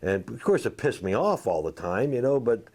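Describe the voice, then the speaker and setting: A man and former football player telling salty, animated anecdotes in a casual interview, full of fillers. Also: mid-range voice, moderate pace. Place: outdoors at a golf tournament.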